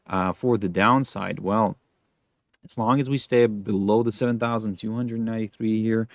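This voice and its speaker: A man's voice: on the low side, fairly even intonation, normal speed, no echo, clean studio sound. A man hosting a live market analysis show. He talks loosely over charts and uses many fillers like "look" and "you know".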